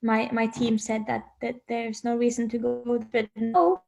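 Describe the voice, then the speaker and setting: A woman's voice: fairly high pitch, monotone, measured pace, creaky, dark tone. A woman speaking as an interview guest from home on a video call, dreamy and searching for words, laughing often.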